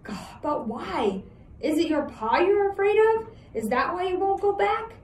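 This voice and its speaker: A woman reading aloud voicing a quick-witted young whipping boy, brisk and urgent. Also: very high-pitched, animated, darkish tone, roomy sound, recorded from a distance, voice pushed up, low-quality recording.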